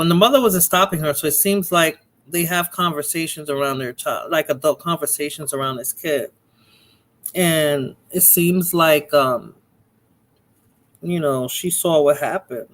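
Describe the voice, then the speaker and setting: A man with a somewhat high voice hosts a live reaction stream. He chats casually, calling out to viewers in the chat as he reacts to a clip. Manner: chatty, talks to viewers in chat by name. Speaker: livestream host reacting to videos.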